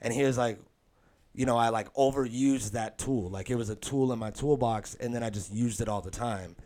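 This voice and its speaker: A man's voice: medium pitch, moderate pace, a little mellow. A man co-hosting a casual chat, easygoing and rambling as he tells a story. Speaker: podcast co-host.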